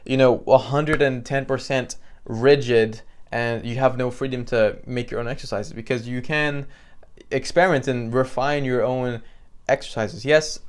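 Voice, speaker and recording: A man teaching piano in a relaxed, conversational way with frequent fillers, counting beats aloud. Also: mid-range voice, smooth. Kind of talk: instructional tutorial. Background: piano playing between phrases.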